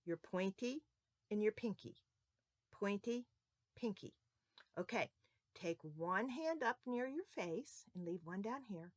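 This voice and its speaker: A woman teaching a children's Sunday school lesson, talking slowly and playfully, coaxing the kids to repeat after her. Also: mid-range voice, lively intonation, no room sound, studio quality.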